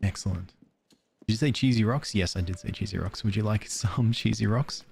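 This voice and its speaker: A man's voice: lowish voice, a little fast, creaky, darkish tone, slight background noise. A man streaming a cozy game, chatting casually and giggling while reading game letters aloud. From Australia. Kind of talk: casual let's-play chat.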